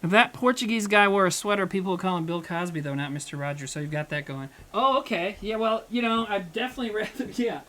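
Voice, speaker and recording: A man's voice: high-pitched, lively intonation, fast talker, hardly any pauses, bright, forceful tone, poor audio. A man chatting casually with his livestream chat while he cooks, rambling and swearing, joking at his own expense. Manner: rambling, profane, self-mocking banter with chat. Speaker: streamer cooking live.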